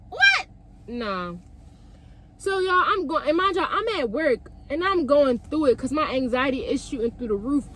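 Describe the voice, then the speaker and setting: A young woman vlogger telling a story in a lively, emphatic, profane way. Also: high voice, a little slow, a little hiss or hum. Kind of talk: storytime vlog.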